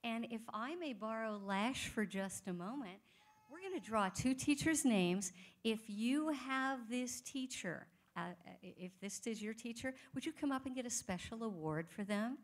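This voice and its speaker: A woman's voice: a little high, expressive, normal speed. A woman organizer announcing names at an awards ceremony in a large ballroom, friendly and coaxing people to come up. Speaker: event organizer.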